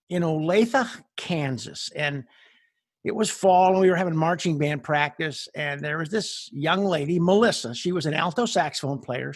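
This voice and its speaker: A man hosting an interview, a former band director who tells animated stories and acts out the voices in them. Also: a little high, no room sound, clean studio sound. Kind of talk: casual interview and storytelling.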